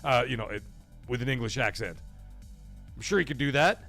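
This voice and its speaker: Rambling, animated Canadian stream host. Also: male voice, a little fast, soft background music. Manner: rambling and animated, swears freely, energy swings between high and low. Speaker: livestream podcast host. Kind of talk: casual livestream chat, reading out viewer messages.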